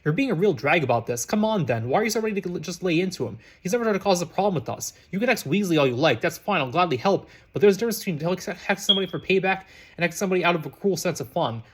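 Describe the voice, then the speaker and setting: Earnest, fiery schoolboy, read by a man; insistent, fast, a bit high. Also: lively intonation, husky. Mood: outraged. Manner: outraged, insistent. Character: earnest, hot-tempered eleven-year-old boy.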